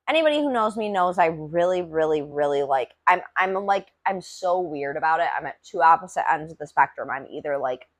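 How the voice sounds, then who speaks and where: A woman hosting a casual solo podcast, rambling and chatty with lots of filler words and casual swearing. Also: sits low. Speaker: podcast host reviewing cannabis.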